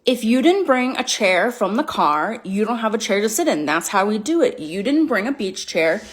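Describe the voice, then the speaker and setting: A woman's voice: mid-range voice, very animated, normal speed, natural voice. A woman playing a harried suburban mother at the beach, scolding her kids and husband. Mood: exasperated. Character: frazzled suburban mom at the beach, exasperated.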